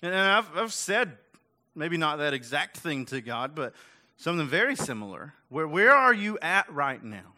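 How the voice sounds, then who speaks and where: A man's voice: fairly high pitch, big pitch swings, moderate pace, sharp tone. A male pastor giving a chatty, conversational sermon full of asides and rhetorical questions. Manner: casual, chatty and self-deprecating, with frequent "like" and "right?".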